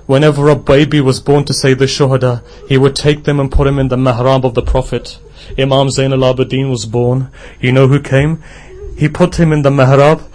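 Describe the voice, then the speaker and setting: A man's voice: mid-range voice, a little mellow. A man giving an emotional sermon, speaking directly to the congregation and often raising his voice. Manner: impassioned, addresses the congregation directly; rises to a strained, raised voice at the climax. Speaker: preacher giving a mourning lecture.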